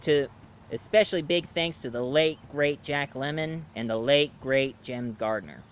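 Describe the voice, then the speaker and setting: A man's voice: medium pitch, measured pace, a little hiss or hum. A man giving a casual, rambling movie review full of fillers.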